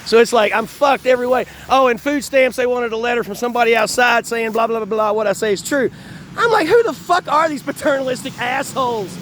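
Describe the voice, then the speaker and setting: Profane man in his fifties, high voice. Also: quick pace, a bit bright, slight background noise. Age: 50s. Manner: profane, rambling, laughs between phrases. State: in chronic pain. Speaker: vlogger. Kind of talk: casual rambling monologue. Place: outdoors on an urban street.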